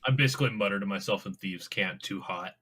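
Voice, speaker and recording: A man's voice: lowish voice, fast talker, fairly bright tone, a little hiss or hum. A young man playing a tabletop game in a laid-back, blunt way, swearing casually. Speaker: player.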